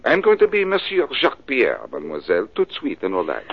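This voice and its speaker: An actor in an old radio drama playing a cocky, wisecracking reformed-thief detective. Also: male voice, medium pitch, wildly swooping pitch, fast talker, husky, full character voice. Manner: dry wisecracks, easygoing. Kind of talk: 1940s radio acting. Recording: dull old radio broadcast.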